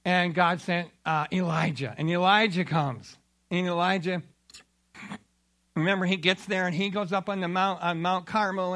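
High, bright-voiced preacher. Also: male voice. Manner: animated storytelling with acted-out quotes. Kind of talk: sermon.

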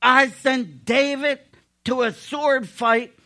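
A man's voice: extremely high pitch, slow pace, bright, forceful tone, pitched above the performer's own voice, heavily acted. A man voicing God as a commanding male deity, proclaiming in a raised, emphatic voice.

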